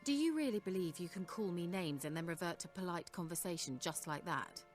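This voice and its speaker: An actress playing a scheming, flirtatious adult sorceress in video game dialogue, teasing and condescending. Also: female voice, on the low side, a little fast, lightly acted. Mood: haughty. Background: game music.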